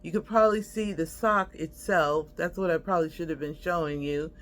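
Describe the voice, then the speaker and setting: A woman's voice: low voice, steady tone, brisk. A woman hosting a casual haul vlog, chatty and friendly, calling viewers y'all and laughing as she shows her finds. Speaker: host.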